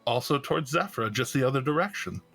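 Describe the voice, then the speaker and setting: A man narrating as game master of a tabletop game, halting and restarting often. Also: mid-range voice, lively intonation, gravelly, a bit bright, soft background music, poor audio. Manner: slow, halting narration with many fillers and restarts.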